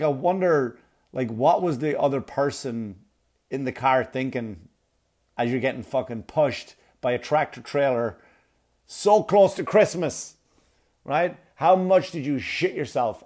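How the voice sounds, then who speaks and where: A man's voice: medium pitch, animated, a little slow, darkish tone. A comedian chatting casually to his viewers, telling a rambling, profane story with asides, sounding like he has a cold.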